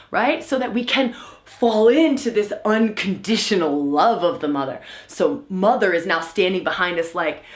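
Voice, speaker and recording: An emphatic woman leads a spiritual teaching session, often pausing to ask her listeners "right?" and acting out the voices she talks about. Her voice sits at a middle pitch and rings in an echoey room. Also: animated. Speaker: women's coach hosting a live session. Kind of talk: spiritual teaching talk to a live online audience.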